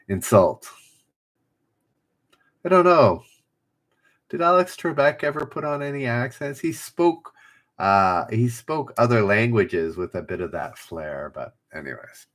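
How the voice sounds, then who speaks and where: Guy running a trivia livestream, kinda low voice, rereads clues, cracks jokes at chat. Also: lively intonation, unhurried, pauses often, fairly bright tone. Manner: chatty, reads clues twice, jokes with chat. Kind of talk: casual livestream quiz hosting.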